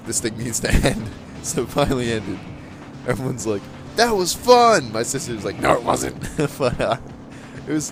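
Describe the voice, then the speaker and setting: A man casually telling a rambling story with frequent chuckles and fillers, as a gaming channel host. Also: mid-range voice. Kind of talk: casual storytelling over gameplay.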